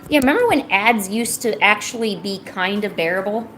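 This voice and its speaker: A sick woman streaming her drawing, chatting softly to her pets and cooing at them. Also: mid-range voice, lively intonation, fairly quick, a little hiss or hum, low-quality recording. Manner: soft, cooing pet talk. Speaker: art streamer. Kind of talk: casual chat to her pets while drawing. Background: faint music.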